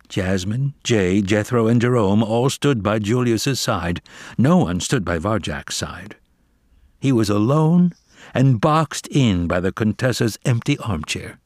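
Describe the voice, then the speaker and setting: A man reads a children's adventure aloud slowly, lingering over his words. His voice sits low but swoops widely in pitch as he builds tension. The recording is dry and close. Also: dry recording. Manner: expressive, animated reading. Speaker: narrator. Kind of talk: audiobook storytelling.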